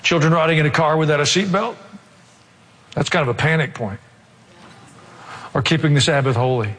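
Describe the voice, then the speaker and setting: A man's voice: on the high side, very animated, normal speed, creaky, long pauses, fairly bright tone, slight background noise. An older man preaching a sermon as pastor, earnest, asking the congregation rhetorical questions.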